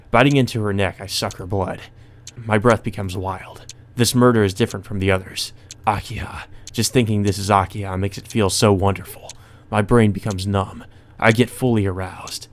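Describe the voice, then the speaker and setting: A man's voice: on the low side, fairly even intonation, moderate pace. Man reading a visual novel aloud. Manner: hesitant asides full of ums and restarts. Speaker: let's play host.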